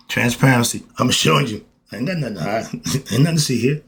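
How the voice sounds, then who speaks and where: Speaking fast in a medium-pitched, fairly bright voice with vocal fry, a man hosting a channel gives an expressive spiritual monologue. He is preachy and repetitive, leans on rhetorical questions, and chuckles between points.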